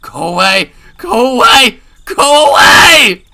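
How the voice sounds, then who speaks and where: A man putting on the voice of a terrified teenage boy from a visual novel, pleading in desperate shouts. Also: extremely high pitch, big pitch swings, slow, creaky, pitched above the performer's own voice, heavily acted. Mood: panicked screaming.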